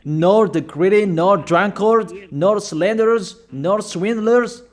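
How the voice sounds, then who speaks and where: Emphatic high-voiced male preacher. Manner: emphatic, repetitive, hammering questions at listeners; non-native phrasing, halting with fillers. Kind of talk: sermon.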